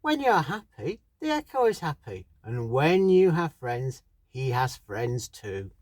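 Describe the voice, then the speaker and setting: A man reading aloud, voicing a calm and kindly wise old male beaver from a children's storybook in a slow, gentle way. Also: medium pitch, no echo, clean studio sound, voice pushed down.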